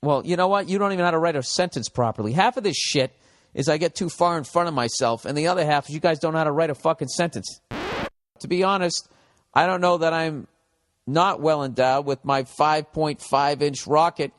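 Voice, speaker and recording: Profane, sarcastic comedian ranting. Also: male voice, a little high, a little fast. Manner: profane, sarcastic, jumps into mocking put-on voices. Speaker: podcast host. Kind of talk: comedic podcast rant.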